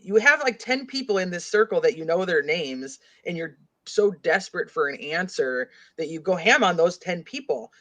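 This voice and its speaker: A woman with a lowish, slightly bright, expressive voice hosts a casual true-crime discussion at normal speed with few pauses. She rambles, saying "like" constantly while reading comments aloud, and the audio is dull and lo-fi.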